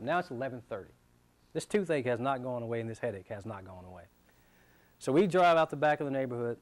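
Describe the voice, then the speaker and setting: A middle-aged man telling a personal story to an audience, acting out the voices of his family. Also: medium pitch. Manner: animated storyteller, acts out voices of his son and wife. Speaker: business leader giving a talk.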